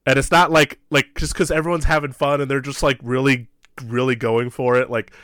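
A man with a bright, forceful voice chats casually about films on a podcast. He talks in an animated rush, peppered with "like" and frequent laughter. The recording sounds dry and close. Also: mid-range voice, a little fast, smooth, dry recording. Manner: animated, laughs often, many "like" fillers. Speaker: podcast co-host. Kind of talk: casual movie-review chat.

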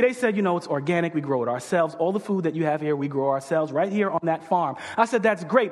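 A man's voice: fairly high pitch, quick pace, few pauses. A pastor telling a story in his sermon, acting out the voices of the people in it. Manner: animated, acts out quoted voices. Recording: long hall reverb.

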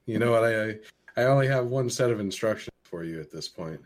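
Dry-witted male co-host, lower voice. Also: fairly quick. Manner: dry, deadpan jokes. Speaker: podcast co-host. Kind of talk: casual podcast banter.

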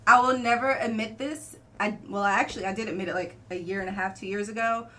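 A woman's voice: medium pitch, fairly even intonation, fast, a bit bright. A woman co-hosting a casual chat, adding teasing remarks and laughing along. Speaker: podcast co-host.

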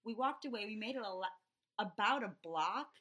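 A woman co-hosting a comedy podcast, telling stories with a teasing, animated manner. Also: medium pitch, a little fast. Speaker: podcast co-host. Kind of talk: casual comedic chat.

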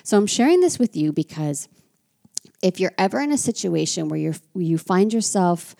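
An American woman who teaches French culture gives a casual teaching monologue, chatty and reflective with frequent asides. Her voice sits on the low side and is expressive, gravelly, and warm, at a moderate pace.

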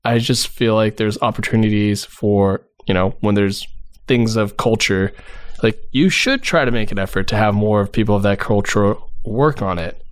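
Low-voiced man, hesitant, animated chat. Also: moderate pace, no echo. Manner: animated, hesitant, does high silly voices. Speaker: podcast co-host. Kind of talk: casual chat.

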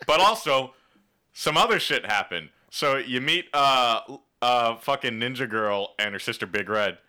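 A man retelling an episode in casual, profane chat, acting out the characters in quick voices. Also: medium pitch, expressive, bright, forceful tone, clear, resonant tone. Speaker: podcast co-host recapping an episode.

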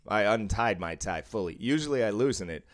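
A man's voice: fairly low pitch, animated, normal speed, no room sound, studio quality. A man from the Boston suburbs telling a story in casual chat, acting out quotes and swearing freely. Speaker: podcast co-host, casino worker.

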